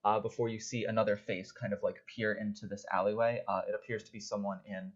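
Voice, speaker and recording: Low-voiced male game master, lo-fi. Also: flat delivery, quick pace. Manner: casual, rambling, many fillers. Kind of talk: narrating a tabletop game. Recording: dull lo-fi audio.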